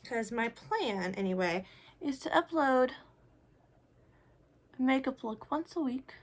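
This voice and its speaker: A woman's voice: high-pitched, expressive, slow. A young woman chatting casually while she tests makeup, joking about herself as she works. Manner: chatty, self-deprecating, talks while applying makeup. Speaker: beauty vlogger. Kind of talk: casual makeup tutorial chat.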